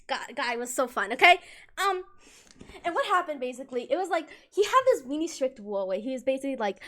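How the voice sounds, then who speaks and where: A young woman streamer telling a rambling, animated story in casual chat, full of restarts and giggles. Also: high voice, fast talker.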